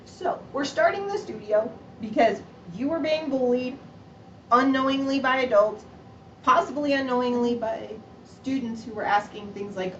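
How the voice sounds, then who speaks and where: A woman's voice: fairly high pitch, normal speed, a little hiss or hum. Chatty mother on a distant, echoey mic. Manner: chatty, laughs easily, repeats words. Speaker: podcast co-host, mother. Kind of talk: casual chat. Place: home couch with a dog. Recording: echoey, distant, dull-sounding home recording.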